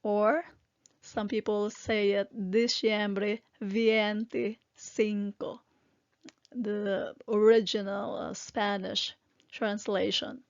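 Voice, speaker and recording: A woman from the Philippines teaching a language lesson, explaining words patiently syllable by syllable with frequent pauses and fillers. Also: medium pitch, level tone, creaky, no echo, highs cut off.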